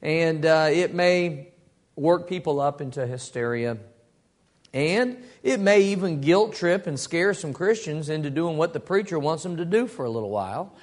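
Man, Bible study teacher, folksy storyteller, slightly high voice. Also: animated, moderate pace. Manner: folksy storytelling with acted quotes.

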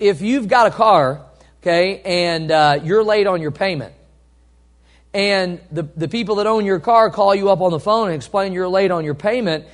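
High-voiced, animated preacher. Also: male voice. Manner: animated preaching with rhetorical questions to the congregation. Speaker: pastor. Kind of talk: sermon.

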